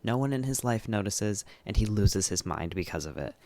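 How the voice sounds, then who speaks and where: A man reviewing a book gives a chatty, candid summary packed with "like," other fillers, and the odd swear word. His fairly low voice is a little mellow, with lively intonation at a moderate pace.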